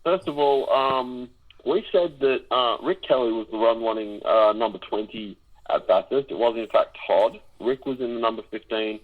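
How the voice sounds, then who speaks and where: A man co-hosting a podcast, joking dryly at his own expense and pausing often on "uh". His voice sits at an ordinary middle pitch. It comes through a dull, lo-fi line with the top end missing. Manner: dry, self-mocking humour with many "uh" pauses. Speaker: podcast co-host. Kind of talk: casual podcast banter.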